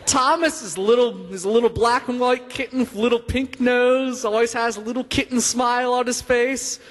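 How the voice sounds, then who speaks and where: Young male stand-up comic, high voice, rambling and filler-heavy, laughs at own jokes, long hall reverb. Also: steady tone, moderate pace, fairly bright tone. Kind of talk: stand-up comedy set. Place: stage in a hall.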